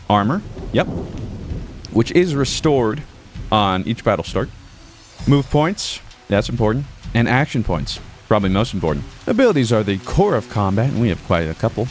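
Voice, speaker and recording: A man's voice: medium pitch, very animated, fairly quick. A man giving sponsored gameplay commentary while hamming it up as a pompous mock emperor. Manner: hammy, pompous mock-emperor role-play. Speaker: gaming YouTuber. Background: background music.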